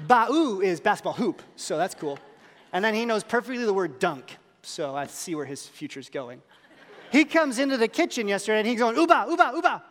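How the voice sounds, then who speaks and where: A high-voiced male pastor tells funny family stories during a sermon in a church hall, speaking at a moderate pace. He's self-deprecating and shifts his voice lively as he goes, and the big hall gives a long reverb.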